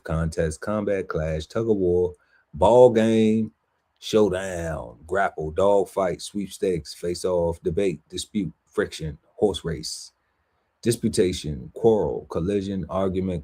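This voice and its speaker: A man's voice: low-pitched, fairly even intonation, dark tone. A man co-hosting a podcast, reading a long list of words aloud and playfully riffing on some of them. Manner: lists words slowly, riffs playfully on them. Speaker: podcast co-host. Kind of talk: reading out a word list with banter.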